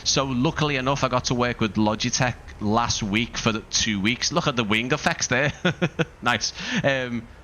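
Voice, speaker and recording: A man's voice: medium pitch, normal speed, bright, forceful tone, slight background noise. A man hosting a casual live stream through a wireless headset mic, rambling with lots of fillers and restarts. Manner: rambling, many fillers and restarts, laughs often. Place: home streaming room. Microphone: wireless gaming headset.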